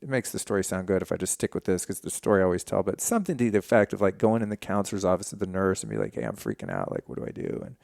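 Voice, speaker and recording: A man's voice: low voice, racing, creaky, few pauses, no echo, studio quality. A man in his forties, a podcast guest, candidly telling a personal story in a casual, profane way. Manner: candid, profane, animated retelling.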